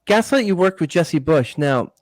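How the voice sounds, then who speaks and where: Rambling podcast host, dry close sound. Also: male voice, a little high, lively intonation, normal speed, no room sound. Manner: rambling, restarts his questions. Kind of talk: interview questions.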